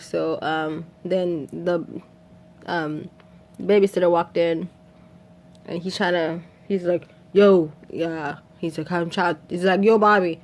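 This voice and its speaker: A woman from Haiti casually retelling a film scene by scene, laughing often and acting out the characters' lines. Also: fairly low pitch. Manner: animated, laughs often, acts out quotes in whispers and shrieks. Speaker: vlogger recapping a film. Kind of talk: casual storytelling recap.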